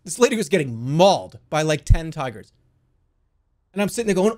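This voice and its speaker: A young man casually telling the story of a strange dream, rambling and swearing, with sudden loud panicked outbursts. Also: sits high, lively intonation, fast. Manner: rambling, swears a lot, restarts, jumps into loud panicked quotes.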